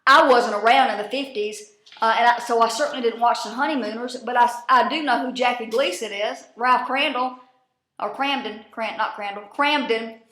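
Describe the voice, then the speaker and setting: A woman's voice: on the high side, pushed and bright. Chatty, swearing woman recapping TV. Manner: chatty, swears freely, folksy Southern-ish slang. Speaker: show recap vlogger. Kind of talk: casual profane TV recap. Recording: echoey room.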